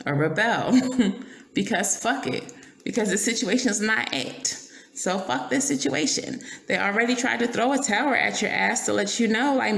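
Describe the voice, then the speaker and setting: A woman with a gravelly edge to her mid-pitched voice gives a casual tarot reading. She talks bluntly, swears freely and keeps asking "okay?" The sound is roomy, with faint noise under it. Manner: blunt and profane, laughs often, checks in with "okay?". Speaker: tarot reader.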